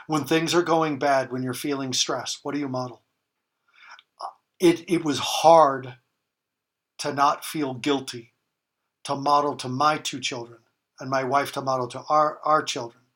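With a steady, mid-range, fairly bright voice, a man in his fifties speaks at a measured pace with long pauses. As a podcast guest he offers parenting advice conversationally yet emphatically, repeating key phrases for stress.

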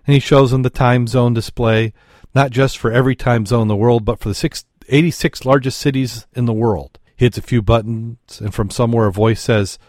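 A man co-hosting a podcast in casual chat, chatty and quick to laugh. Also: mid-range voice, a little mellow, no echo, clean studio sound. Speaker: podcast co-host. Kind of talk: casual chat and joke telling.

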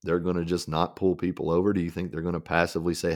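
A man's voice: low-pitched, flat delivery, fast. A man co-hosting a podcast in casual, rambling chat, trading jokes with his friend. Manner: laid-back, rambling, joking. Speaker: podcast co-host.

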